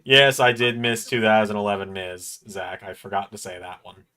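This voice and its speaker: A man's voice: on the low side, normal speed, pushed and bright. A man hosting a casual livestream watch-along, joking and swearing freely. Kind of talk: casual live commentary.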